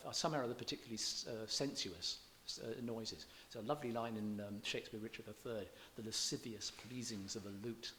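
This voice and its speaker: A man's voice: mid-range voice, fairly bright tone, a little hiss or hum. A man lecturing on poetry to an audience, chatty and digressive, often stopping to correct himself. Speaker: visiting lecturer in English. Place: church hall.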